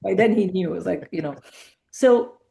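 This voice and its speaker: A middle-aged woman comedian, guesting on a casual interview, shares lively anecdotes and acts out the dialogue she quotes. Her voice sits on the low side and is creaky, at a moderate pace.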